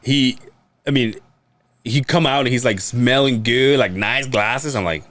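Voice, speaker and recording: A man casually telling stories on a podcast, swearing and mimicking other people's voices. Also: unhurried. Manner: animated, mimics others with high-pitched voices, swears often. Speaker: podcast host. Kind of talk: casual storytelling chat.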